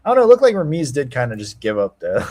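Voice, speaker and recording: A young male stream host talking fight picks in casual, slang-heavy chat. His pitch swings widely as he hypes and trash-talks. He breaks into loud cheering when the action turns his way. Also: wildly swooping pitch, quick pace. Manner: hyped, slangy trash talk, shouting at fight moments.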